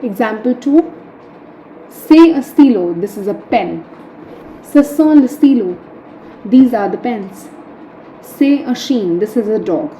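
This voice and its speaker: Young female tutor, patient explainer, dark mellow tone, roomy echo with faint hum. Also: on the high side, expressive, takes it slowly, pauses often. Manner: patient, repeats key points with "right?". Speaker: French teacher. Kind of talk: explaining grammar step by step. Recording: echoey room, faint hum.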